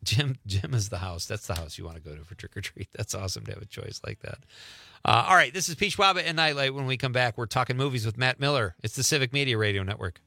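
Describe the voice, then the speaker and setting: A man's voice: mid-range voice, fast, vocal fry, bright, forceful tone. A man hosting a radio talk show, chatting casually and joking with a guest. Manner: friendly, jokey, reads listener messages. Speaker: radio host. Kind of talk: casual radio interview chat. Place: radio studio.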